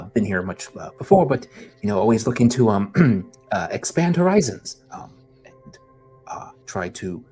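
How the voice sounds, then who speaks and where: Shy stammering bespectacled man voiced by a man, low, halting delivery. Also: darkish tone. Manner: stammering with many fillers and throat clearing. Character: shy, nervous bespectacled man named Doc.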